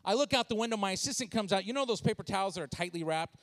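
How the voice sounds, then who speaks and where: Excitable high-voiced male pastor telling a story. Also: very fast, long reverb tail, very noisy. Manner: excitable, animated. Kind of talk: comedic sermon storytelling.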